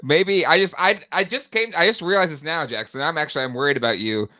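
A man's voice: a little high, fast talker, bright, forceful tone, dry recording, clean studio sound. A man co-hosting a podcast over a video call, teasing his friends in a mock-earnest way. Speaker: podcast host. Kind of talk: casual video-call chat.

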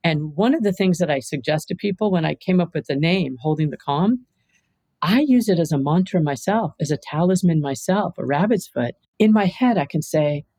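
Middle-aged lady guest on a podcast, lively and playful, tells a story, dry close sound. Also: lowish voice, moderate pace, husky, no room sound. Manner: animated, playful, emphatic, asks rhetorical questions. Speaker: mediator and author, podcast guest.

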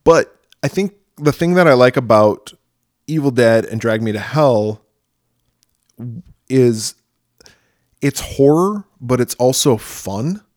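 A man's voice: medium pitch, expressive, slow pace, pauses often, darkish tone, no room sound, clean studio sound. A man co-hosting a podcast, chatting casually and rambling with enthusiasm about films he likes. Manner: rambling, enthusiastic film talk. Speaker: podcast co-host. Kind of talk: casual chat.

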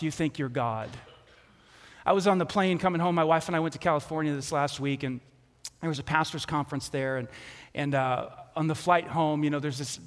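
A man preaching a sermon as pastor, telling a story with lively acted-out quotes. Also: a little high, long reverb tail.

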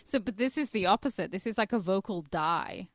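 A woman's voice: mid-range voice, animated, brisk, dry recording. Wry woman co-hosting a podcast. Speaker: podcast co-host. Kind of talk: casual comedic chat.

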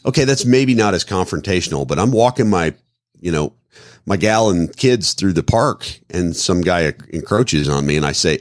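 A man's voice: low-pitched, expressive, moderate pace, no room sound, clean studio sound. A man from the Midwest co-hosting a podcast, explaining self-defense phrasing with acted-out examples. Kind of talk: casual podcast talk.

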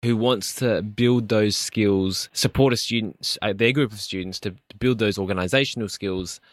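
A man's voice: on the low side, moderate pace, no echo, clean studio sound. A man hosting an interview and asking a guest careful questions about teaching. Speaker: podcast host, teacher.

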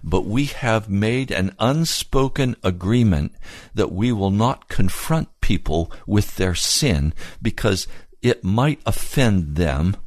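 A man preaching a sermon earnestly and emphatically, repeating key phrases and moving between low, grave passages and raised, urgent ones. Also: dry recording, clean studio sound.

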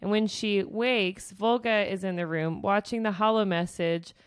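Animated woman podcast co-host, dry mic. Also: mid-range voice, moderate pace, clear, resonant tone, no room sound. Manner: animated, swears freely, acts out character lines. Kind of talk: casual book recap chat.

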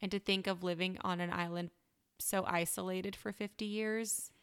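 A woman co-hosting a podcast, chatting casually in a relaxed, slightly hesitant way. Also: on the low side, normal speed, clean tone. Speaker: podcast co-host. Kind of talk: casual chat.

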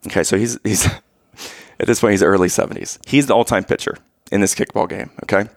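A man telling a story in casual chat, animated, and often checking in with "okay?" and "right?". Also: fairly low pitch, a little fast, vocal fry, dry recording, clean studio sound. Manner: acts out quoted lines in raised voice.

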